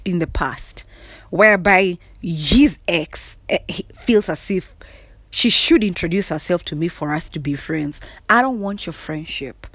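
A woman's voice: fairly low pitch, no echo. Sassy woman talking from bed. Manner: sassy, emphatic, frequent laughs and throat clearing. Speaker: vlogger. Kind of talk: casual monologue to camera. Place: in bed at home.

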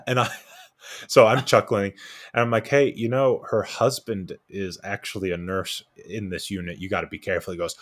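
A man with a deep, low voice tells a story in a relaxed podcast chat. He is a young adult and slips into quick impressions of the people in his story. He often stops and restarts his sentences. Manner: animated anecdote-telling with quoted voices and restarts. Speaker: podcast co-host. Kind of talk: casual storytelling.

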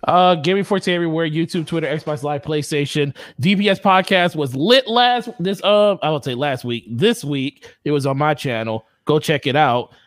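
A man's voice: on the high side, normal speed, hardly any pauses, dry recording. Laid-back man plugging his channels. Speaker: podcast co-host. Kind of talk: casual chat.

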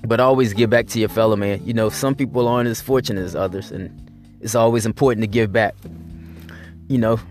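A man's voice: on the low side, fairly quick, darkish tone, soft background music. A man hosting his weekly show, talking in a blunt, rambling, profane casual monologue. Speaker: host.

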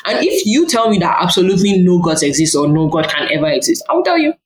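Nigerian woman, podcast guest, blunt and animated, swears freely, echoey room, faint hiss. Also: on the low side, fast talker. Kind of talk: casual podcast conversation. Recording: roomy echo, faint ambient noise.

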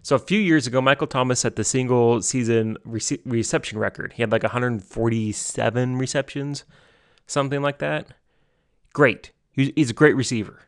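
A young man giving solo sports commentary from home, excitable and gushing, often repeating and restarting himself. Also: mid-range voice, normal speed, dry recording, clean studio sound. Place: home basement.

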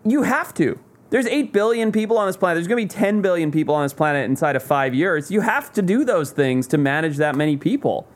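A man's voice: a little high, brisk. A man co-hosting a podcast in casual chat, talking with emphasis and swearing now and then. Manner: animated, swears, talks with emphasis. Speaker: podcast co-host.

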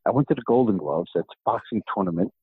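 A middle-aged man from New York tells a story in a podcast interview and acts out the voices of the people in it. His voice is low and husky. The sound is dry and thin, like a phone line. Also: quick pace, no room sound. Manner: animated storyteller, acts out quoted dialogue. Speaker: guest, author and gym owner.

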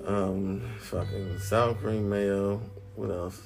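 A man's voice: on the low side, slow, creaky, over music. A man in casual chat, swearing and laughing as he acts out quotes from a story. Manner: profane, laughing, animated retelling with voiced quotes.

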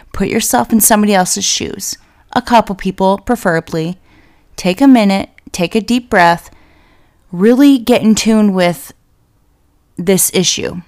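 Casting: young woman, podcast host, gravelly fry in the voice, profane, heated, rant-style delivery. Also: mid-range voice, darkish tone. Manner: blunt, profane, fired-up venting. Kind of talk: casual ranting monologue.

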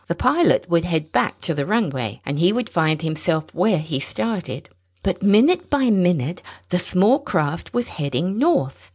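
A woman narrating a story in a measured, expressive way. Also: fairly low pitch, husky. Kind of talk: storybook reading.

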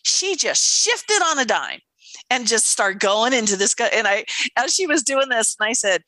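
A middle-aged woman tells a story in a casual chat, and her pitch swings widely as she goes. Her voice is bright, and she keeps slipping into other people's voices between bursts of laughter. The sound is close and dry. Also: big pitch swings, moderate pace, no room sound. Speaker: author.

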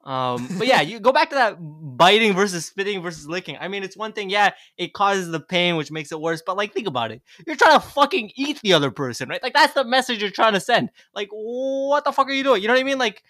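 A man's voice: high-pitched, very animated, fast, few pauses, pushed and bright, no room sound, studio quality. A man co-hosting a casual podcast, blunt and profane, laughing often. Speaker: podcast co-host.

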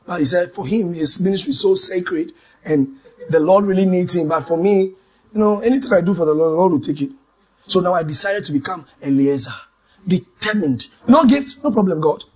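Husky high-voiced preacher. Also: male voice. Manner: dramatic, swings from shouts to hushed asides. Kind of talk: sermon testimony.

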